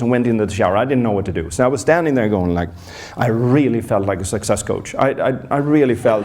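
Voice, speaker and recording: Man on a conference stage telling a story, jokes at his own expense, stumbles and restarts. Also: medium pitch. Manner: animated storyteller, acts out scenes, frequent restarts; self-deprecating humor. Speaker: performance coach.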